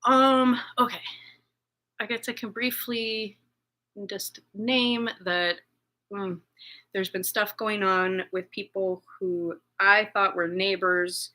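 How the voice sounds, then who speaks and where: A bright, forceful woman's voice, talking haltingly in a personal video journal with lots of fillers and restarts. She sounds shaken and anxious. She is middle-aged. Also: mid-range voice. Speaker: vlogger.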